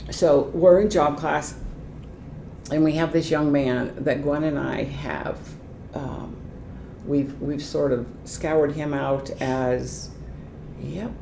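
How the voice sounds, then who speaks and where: An older woman, a retired transition specialist, telling lively anecdotes in an oral history interview. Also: takes it slowly, gravelly. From Ohio, United States. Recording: echoey room with faint rumble.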